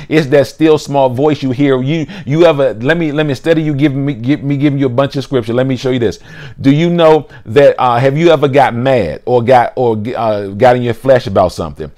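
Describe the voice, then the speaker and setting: A man preaching a sermon, full of restarts and repetitions, often dropping into a soft lowered voice to act out an inner voice.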